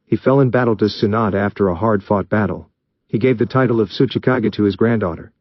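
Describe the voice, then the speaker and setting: A man narrating fan fiction aloud in a plain, steady reading voice. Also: fairly low pitch, brisk, no room sound, highs cut off.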